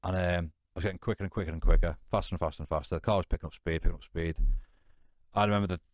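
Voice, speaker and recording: A podcast guest speaks very fast in a low voice with fairly even intonation, in a dry, clean studio recording. His candid personal story comes in informal British slang, blunt and laced with swearing. He restarts often, rambles with plenty of fillers, and regularly asks "you know what I mean".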